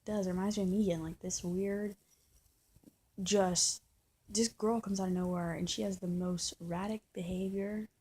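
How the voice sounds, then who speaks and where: A woman's voice: medium pitch, steady tone, normal speed, warm tone, a little hiss or hum, rough recording. A woman vlogger speaking in a candid, venting confessional monologue, often repeating and restarting her words.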